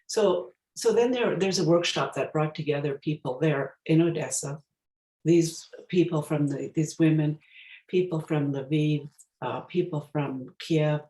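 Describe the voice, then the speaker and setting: A woman's voice: low voice, unhurried, warm tone, roomy sound, low-quality recording. A woman giving a storytelling talk as a guest speaker, reflective and searching for her words as she goes.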